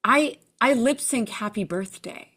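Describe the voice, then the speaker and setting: A woman guest in a casual interview, telling lively stories and acting out what people said. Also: on the high side, unhurried, husky. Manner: animated storyteller, acts out quoted lines. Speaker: TV show judge, interview guest.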